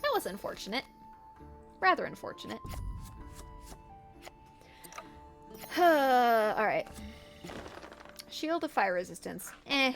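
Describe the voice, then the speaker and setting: A woman's voice: a little high, lively intonation, slow, pauses often, soft background music. A woman streamer giving casual, playful gameplay commentary, often giggling as she narrates her characters' antics.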